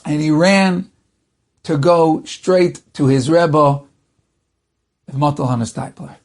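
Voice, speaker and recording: A man's voice: fairly high pitch, slow pace. A man, a rabbi, telling a story in a dramatic, varied way. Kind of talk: storytelling talk.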